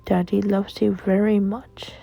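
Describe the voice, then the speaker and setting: A woman voicing a gentle father who softly reassures his little son. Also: mid-range voice, level tone, measured pace, gravelly, dull audio. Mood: soothing. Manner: soothing, reassuring. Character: gentle caring father of a small boy.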